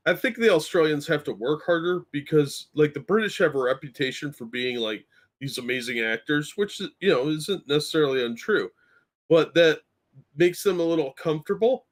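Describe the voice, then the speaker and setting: Slightly high-voiced man, joking casually. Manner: joking, crude. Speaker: co-host. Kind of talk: casual livestream chat.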